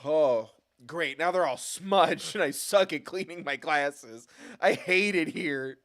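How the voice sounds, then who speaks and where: Slow-talking excitable male game streamer. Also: fairly high pitch. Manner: expressive, swearing, frequent laughter, loud outbursts. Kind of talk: live gaming commentary. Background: faint game music.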